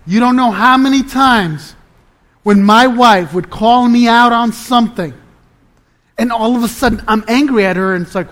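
A man preaching a sermon, deliberate and emphatic, dropping to a low, intense hush at times.

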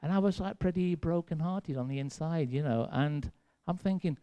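A man's voice: fairly high pitch, normal speed, mellow, clear, resonant tone. A man with an English accent preaching a sermon in a conversational, self-deprecating way, with dry sarcasm. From England. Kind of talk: sermon with personal stories.

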